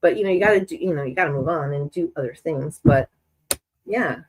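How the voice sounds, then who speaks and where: Woman, sewing-stream host: rambling, chatty, restarts a lot, a bit low, stuffy from a cold. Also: fairly quick, rough recording. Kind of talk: casual chat while sewing on a live stream.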